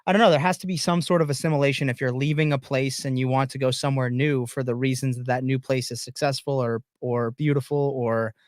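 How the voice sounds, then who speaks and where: A man's voice: medium pitch, fairly even intonation, fast, few pauses, no room sound, studio quality. A man co-hosting a podcast, rambling in casual chat with a lot of fillers and hesitations. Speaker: podcast co-host.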